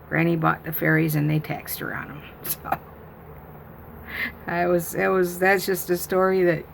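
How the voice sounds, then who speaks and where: A woman's voice: on the low side, gravelly, slight background noise. A grandmother chatting with viewers, telling rambling stories full of fillers. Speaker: grandmother and channel host. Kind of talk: casual storytelling to viewers.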